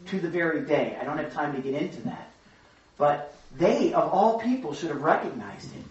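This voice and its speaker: A man leading a group Bible study, teaching excitedly and acting out voices of the crowd as he goes. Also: a little high. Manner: excitable, acts out crowd voices, talks fast in bursts. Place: room with a small study group. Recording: echoey room, distant mic, dull lo-fi sound.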